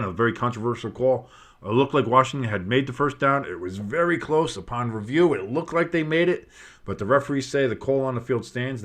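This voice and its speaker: A man's voice: medium pitch, sharp tone. A tired man doing casual play-by-play commentary on a football game from his home setup, breaking off the calls with asides and other scores. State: tired, yawning. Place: home studio with a dog and fireworks outside.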